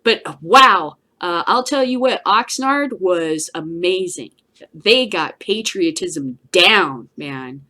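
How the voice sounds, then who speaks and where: A woman's voice: on the low side, expressive, slow pace, bright, forceful tone. A middle-aged woman hosting her own news vlog, ranting casually, swearing and laughing often. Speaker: host of a daily news vlog. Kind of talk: casual profane rant.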